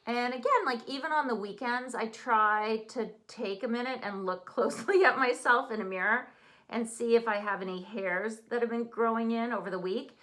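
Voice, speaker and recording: A woman's voice: on the high side, moderate pace, bright, forceful tone. A woman with a Canadian accent, chatting casually through a makeup tutorial in an upbeat way. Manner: chatty, upbeat, talks while applying makeup. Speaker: makeup artist.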